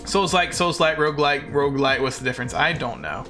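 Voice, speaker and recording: A man's voice: fairly high pitch, expressive, brisk, bright, forceful tone, faint music behind. A man streaming a game as a VTuber, chatting casually with his viewers in a playful, self-mocking, jokey way.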